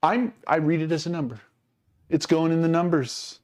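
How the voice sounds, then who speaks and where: A man's voice: fairly high pitch, moderate pace, darkish tone. A man streaming and chatting casually with his viewers, ranting in mock exasperation while he sorts things. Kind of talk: casual livestream chat.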